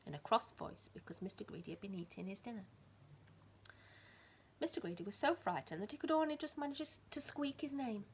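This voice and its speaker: A woman teacher reading a storybook aloud to children, swinging between hushed whispers and loud emphasis. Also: mid-range voice, sing-song, normal speed, husky.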